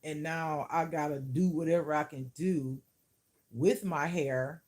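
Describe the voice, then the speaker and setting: A woman's voice: low voice, fairly even intonation, measured pace, a little mellow. A woman who teaches spirituality, talking to camera in a casual vlog, blunt and profane, often laughing.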